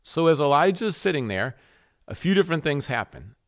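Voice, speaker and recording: A man's voice: fairly high pitch, big pitch swings, brisk. A man hosting a faith podcast, preaching in an earnest sermon style with repeated rhetorical questions.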